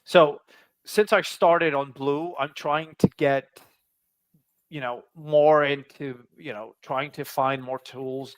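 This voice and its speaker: A man's voice: medium pitch, no room sound. A man speaking as a guest in a casual interview over a video call. He talks with many fillers and restarts. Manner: hesitant, full of fillers and restarts.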